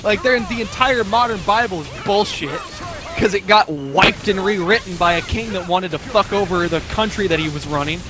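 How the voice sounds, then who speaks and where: A man's voice: sits high, normal speed, over music. A young man streaming live, ranting casually with lots of swearing and mocking put-on quotes of other people.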